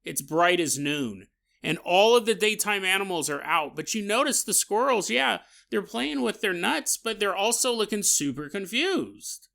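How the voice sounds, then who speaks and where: A man telling a comic story as a podcast host. His voice is high and bright, and he talks in an animated, joking way with laughing asides. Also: moderate pace, creaky. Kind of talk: comedic storytelling.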